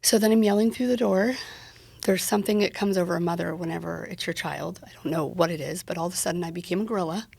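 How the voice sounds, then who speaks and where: A woman's voice: on the low side, fast, vocal fry, darkish tone, slightly rough. A woman guest on an interview podcast, candidly retelling a personal story and quoting the dialogue in it.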